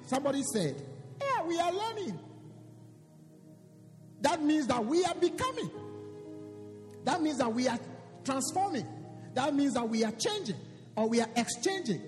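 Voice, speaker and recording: High-pitched lively preacher in a hall. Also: male voice, normal speed, long pauses, faint music behind. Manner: preaching with scripture reading and call-and-response emphasis. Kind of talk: sermon.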